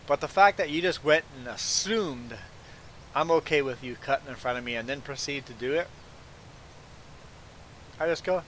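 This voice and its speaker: A man's voice: a little high, moderate pace, pauses often, a little hiss or hum, rough recording. A man from Belize, a game streamer, telling a story in casual chat and stammering on his repeated "I"s. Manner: animated, stammers on repeated "I"s, acts out the people he quotes. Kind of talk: casual storytelling while livestreaming a farming game.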